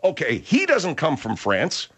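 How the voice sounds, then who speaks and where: This excitable radio host argues his way through a comedy talk show, talking quickly and getting riled up. His pitch bounces around, and his voice carries a breathy edge.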